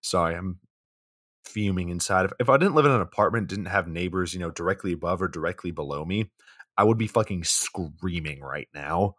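A man's voice: low voice, brisk, a bit bright, no room sound, studio quality. A young man co-hosting a casual comedy podcast, sardonic and profane, with mock exasperation as he recaps a movie. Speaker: podcast co-host.

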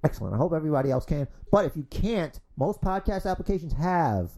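A man hosting a podcast, calling mock wrestling play-by-play and chatting in an energetic, crude, fast-talking way. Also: fairly high pitch. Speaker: podcast host.

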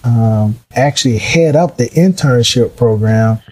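A middle-aged man telling his career story in a casual, animated way, acting out the voices of people he quotes. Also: medium pitch, a little slow, poor audio. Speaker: guest.

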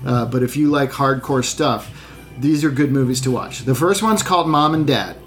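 A man in casual chat, telling movie stories in a rambling, animated way. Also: medium pitch, normal speed, soft background music. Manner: rambling, animated storyteller with restarts.

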